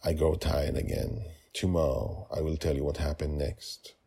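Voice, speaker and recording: A man voicing an ancient male red dragon who narrates a bedtime-style story in slow, solemn tones. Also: rumbling low, fairly even intonation, gravelly, dark tone, breathy edge, heavily acted. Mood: tender.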